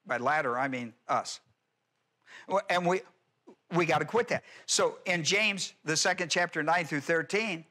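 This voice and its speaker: Bright-voiced pastor teaching Greek grammar. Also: male voice, on the high side. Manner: emphatic, rhetorical questions, explains Greek grammar. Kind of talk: expository Bible teaching sermon.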